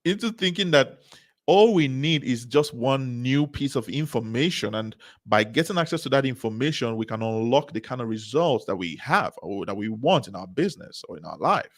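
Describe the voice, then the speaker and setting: A man's voice: mid-range voice, lively intonation, moderate pace. A man giving a motivational talk at a business seminar, speaking emphatically, repeating key phrases and asking the audience rhetorical questions.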